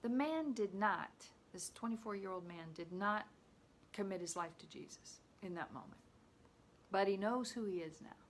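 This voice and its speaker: A woman's voice: mid-range voice, lively intonation, normal speed, slight background noise. A woman minister giving an informal live-streamed teaching, talking in a conversational storytelling way with frequent restarts.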